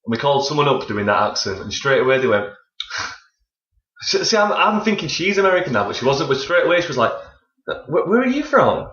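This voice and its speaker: A man's voice: mid-range voice, expressive, quick pace, fairly bright tone. A man in his twenties co-hosting a podcast, chatting casually, rambling and swearing a lot. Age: 20s. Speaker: podcast co-host. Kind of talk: casual chat. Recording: dull, roomy home recording.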